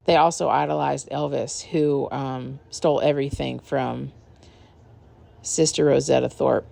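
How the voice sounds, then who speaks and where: Low gravelly woman telling a story. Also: fairly even intonation, moderate pace, mellow. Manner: candid, profane, rambling. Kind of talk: casual storytelling.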